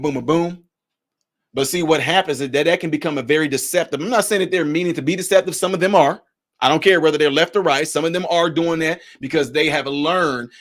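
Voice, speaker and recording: Male livestream host, high-pitched, emphatic and repetitive, speaks straight to his chat. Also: a bit bright. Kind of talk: political commentary livestream.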